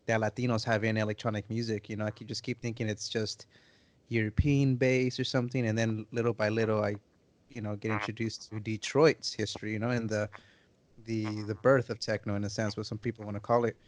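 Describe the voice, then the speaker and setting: A man's voice: on the low side, flat delivery, brisk, dry recording. A man in his twenties hosting a podcast, asking questions in an easygoing, enthusiastic way and repeating words while he thinks. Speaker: podcast host. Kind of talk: casual podcast interview.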